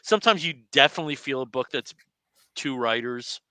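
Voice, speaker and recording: Man, New Jersey accent, bright, dry close sound, chatty podcast co-host. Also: medium pitch, animated, fairly quick, clear, resonant tone, no room sound. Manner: chatty, laughs often. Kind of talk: casual chat.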